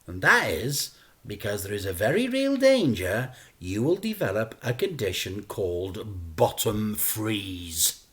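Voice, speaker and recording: A male teacher reading a children's story aloud in a playful, expressive way. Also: on the low side.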